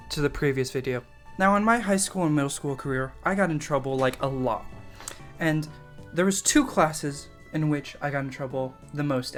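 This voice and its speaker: A man's voice: mid-range voice, fairly bright tone. A young man telling a story from his school days in a casual, rambling way, swearing freely, mocking himself and laughing often.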